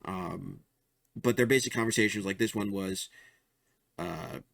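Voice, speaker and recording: Low-voiced chatty man showing comics. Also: a little slow, vocal fry, fairly bright tone, dry recording. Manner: chatty, rambling, chuckles at his own jokes. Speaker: comic strip creator. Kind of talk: casual show-and-tell commentary.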